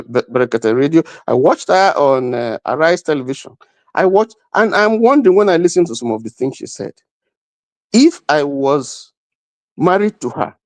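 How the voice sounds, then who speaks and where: A middle-aged man debating hard on a panel, his voice pitched somewhat high. He repeats points for emphasis and talks over others. The sound is dry and close. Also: dry recording. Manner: emphatic, repeats himself, interrupts. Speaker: panel guest. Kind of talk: heated debate.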